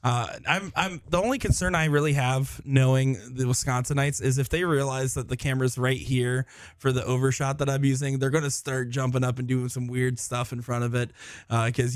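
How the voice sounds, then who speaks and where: A man's voice: medium pitch, level tone, a little fast, dry recording, clean studio sound. A man giving live solo commentary at a darts tournament in a busy room, chatting with viewers and joking about himself. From Florida. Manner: chatty, joking, self-deprecating.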